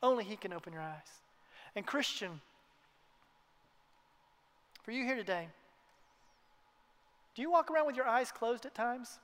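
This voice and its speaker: A man preaching a sermon to his congregation in a church, earnest, sometimes dropping to a hushed tone for emphasis. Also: high-pitched, animated, a little slow, pauses often. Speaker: pastor. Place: church hall. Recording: long hall reverb.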